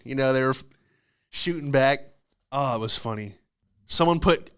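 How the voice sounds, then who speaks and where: Young male stand-up host, sarcastic ranting monologue, smooth resonant tone. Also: medium pitch, steady tone, a bit bright. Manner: sarcastic ranting, quick asides. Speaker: comedian and podcast host. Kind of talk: casual comedic monologue.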